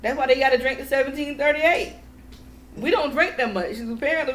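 A woman's voice: sits high, fairly quick. A woman co-hosting a podcast, telling stories with lots of swearing and laughter. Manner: profane, storytelling, laughing often. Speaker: podcast co-host. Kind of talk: casual chat. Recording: echoey room, faint noise.

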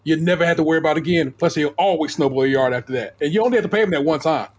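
A man with a husky, rather high voice tells an animated story on a casual podcast. He swears freely and trips over his own words, restarting phrases as he goes. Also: very fast. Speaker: podcast co-host. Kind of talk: casual chat.

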